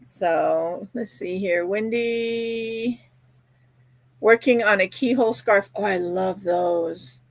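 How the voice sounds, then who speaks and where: A woman's voice: medium pitch, takes it slowly, no echo. A woman hosting a crochet live stream, chatting casually, reading viewer comments and telling stories with many fillers. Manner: chatty and storytelling, with quoted voices and fillers. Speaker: crochet livestream host. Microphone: streaming setup.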